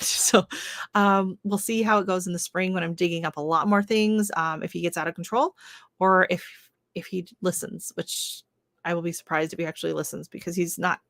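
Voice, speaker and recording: Canadian woman host, lower voice, rambling filler-filled live chat, dry close mic. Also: steady tone, fairly quick, fairly bright tone, no room sound. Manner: rambling, filler-heavy, chatty. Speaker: gardening channel host. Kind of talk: casual livestream chat.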